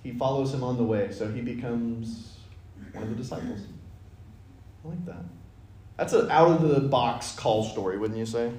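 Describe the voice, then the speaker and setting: A man's voice: mid-range voice, normal speed, long pauses, dark tone, slight background noise. A man teaching a casual Bible study, enthusiastic and chatty, often acting out scripture lines. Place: church meeting room. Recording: roomy room sound.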